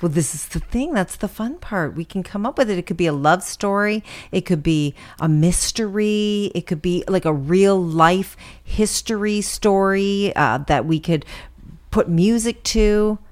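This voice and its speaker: A woman's voice: mid-range voice, unhurried. A middle-aged woman co-hosting a casual chat with her daughter, encouraging and enthusiastic. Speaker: co-host, mother.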